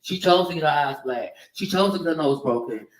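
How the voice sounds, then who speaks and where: Male commentator, heated and profane, slightly high voice, off-mic echoey room. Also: fairly quick, distant mic. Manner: heated, emphatic, profane, repetitive. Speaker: video commentator. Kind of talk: ranting opinion vlog.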